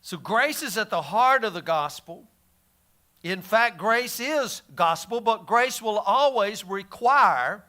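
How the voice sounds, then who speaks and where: A man's voice: high-pitched, bright, forceful tone. A man teaching the Bible in a casual, folksy way, often restarting his sentences. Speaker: pastor.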